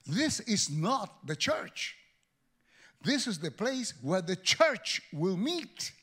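A man preaching a sermon as pastor, animated and joking with the congregation. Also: high voice, slow, breathy edge.

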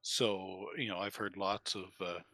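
A man's voice: deep voice, fairly even intonation, unhurried, sharp tone, dry recording. A middle-aged man chatting casually about a wargame book, enthusiastic and rambling with many fillers. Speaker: co-host. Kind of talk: casual hobby chat.

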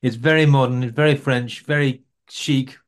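A man's voice: mid-range voice, steady tone, moderate pace. A man answering interview questions about his overland travels, rambling with frequent restarts.

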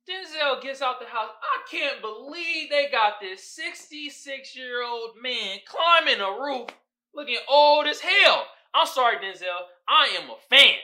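Animated, bright-voiced male podcast host. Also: extremely high pitch. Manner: animated, profane storytelling with frequent laughter. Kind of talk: casual movie recap chat.

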